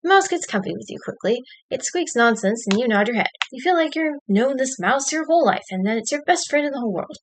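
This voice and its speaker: A woman's voice: sits high, animated, fast talker, few pauses. A woman streamer reading an interactive story aloud, dropping wry, dry asides between passages.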